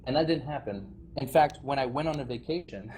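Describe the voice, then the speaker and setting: This man, once staff on a game server, addresses its players through a voice chat microphone in a heated, meandering speech about leaving the community, full of false starts and anxious laughter. His pitch is medium and his tone darkish, the pace a little fast, and a faint hiss or hum sits underneath.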